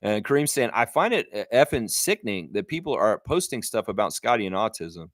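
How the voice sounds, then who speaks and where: A man's voice: lowish voice, very animated, fairly quick, no room sound. A man from Canada hosting a live sports chat stream, reading chat aloud and ranting bluntly with lots of fillers. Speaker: livestream host.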